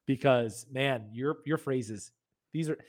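A man's voice: mid-range voice, takes it slowly. An American man co-hosting a podcast, quizzical and eager, laughing often. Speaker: podcast co-host. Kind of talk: casual comedic chat.

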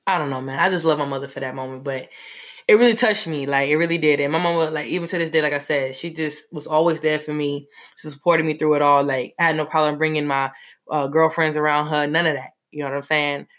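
A woman telling a personal story in a casual, animated way, full of fillers. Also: low-pitched, fairly quick.

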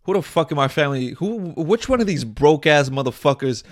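A young man hosts his own podcast from a small indoor set, rambling crudely, joking and flaring into mock outrage in a casual solo monologue. His fairly high voice has lively intonation and runs a little fast, with clean studio sound and no echo.

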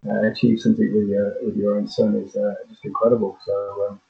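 A middle-aged man with a lowish voice talks haltingly and reflectively, hunting for the right words. He comes through a tinny, phone-like remote line. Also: flat delivery, vocal fry. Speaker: podcast guest, flag football parent. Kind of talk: casual chat, reflective.

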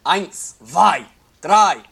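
A man's voice: high voice, animated, very slow, gravelly, a bit bright. A man hosting a comedy show, teasing his guests and laughing often. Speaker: host. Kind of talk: comic banter.

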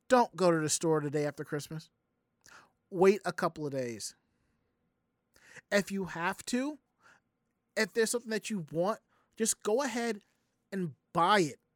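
In clean studio sound with no room sound, a medium-pitched streamer from the American South tells chat a story. The telling is casual, animated and profane, with the people in it acted out.

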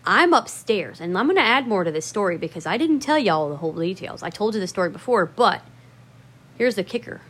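A woman's voice: mid-range voice, big pitch swings, brisk, a bit bright, husky. A woman telling a personal story in a casual, rambling way, swearing often and stressing her words for emphasis.

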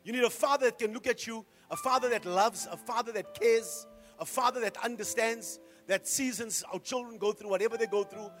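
A middle-aged man preaching a sermon as a pastor, firing off rhetorical questions and swinging from hushed to loud. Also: very high voice, fairly quick, soft background music.

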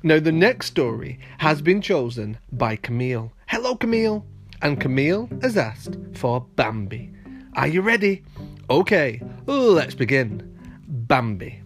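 An expressive man narrates a children's story, his voice rising and falling freely to keep listeners engaged. A faint guitar plays softly in the background. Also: a little high.

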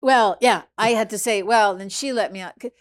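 A woman chef, a guest in an interview, telling a story in a lively way, acting out what people said and swinging between hushed and loud. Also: medium pitch, normal speed. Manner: animated, acts out quoted voices, swings between hushed and loud. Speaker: chef and restaurant founder, guest.

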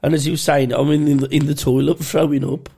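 A man's voice: fairly high pitch, little pitch movement, quick pace, gravelly, warm tone, slightly rough. A man, telling crude stories in casual banter with friends. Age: 30s. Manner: crude, laughing, storytelling. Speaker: podcast co-host.

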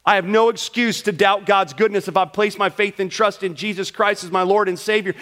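In church, a male pastor with a notably high, slightly bright voice preaches a sermon to his congregation. He drives his points home emphatically, often slipping into acted-out prayers and imagined conversations.

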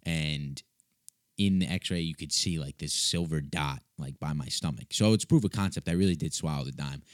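Deep-voiced man telling a story. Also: moderate pace, dry recording, studio quality. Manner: loose and profane, with many filler "like"s. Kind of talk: casual comedic storytelling.

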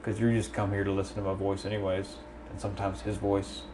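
A man's voice: low-pitched, monotone, fast, noisy background. A man from the South, rambling and swearing casually as a podcast co-host. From American South. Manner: profane, rambling, talkative. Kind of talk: casual chat.

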